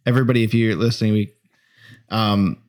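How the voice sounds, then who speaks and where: A man's voice: fairly low pitch, fairly even intonation, brisk, a little mellow. A man co-hosting a podcast, chatting casually with teasing jokes and swearing. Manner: teasing, profane, jokey. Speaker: podcast co-host. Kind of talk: casual chat.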